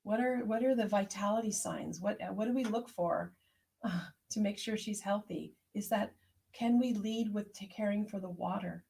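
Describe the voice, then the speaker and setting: A woman herbalist hosting an online tea circle, speaking in a gentle, unhurried, prayerful way as she reflects and reads out messages. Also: medium pitch, creaky. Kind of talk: reflective spoken meditation and chat reading.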